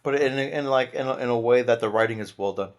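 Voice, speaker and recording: A man chatting casually on a podcast, talking excitedly with lots of restarts and slang. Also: medium pitch, fast talker. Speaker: podcast panelist.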